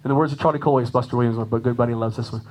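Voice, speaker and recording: A man giving a lively, chatty clinic talk to a conference audience as a jazz drummer, laughing often and acting out quoted voices. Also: medium pitch, very fast, slight background noise, low-quality recording.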